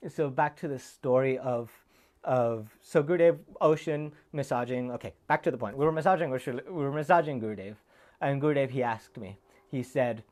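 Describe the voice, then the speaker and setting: Man, monk, informal sermon, personal remembrances, heartfelt, rambling tangents, mid-pitched voice. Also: brisk, a little mellow. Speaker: monk giving a remembrance talk. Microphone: camera recording.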